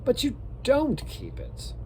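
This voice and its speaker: Cheerful warm-hearted young man, high eager delivery, read by a male narrator. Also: wildly swooping pitch, slow pace, a little hiss or hum, heavily acted. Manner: bright, pleading, high and eager.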